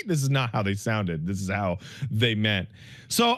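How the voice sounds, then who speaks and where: Animated, high-pitched man telling a story. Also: moderate pace, dry recording, studio quality. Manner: excitable, mimics people in his story, swears. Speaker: podcast co-host.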